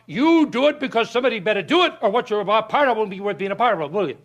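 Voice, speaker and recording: An older man giving a motivational talk, telling folksy stories and asking rhetorical questions, swinging from loud to hushed. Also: sits high, expressive, fast talker. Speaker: motivational speaker. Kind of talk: motivational speech.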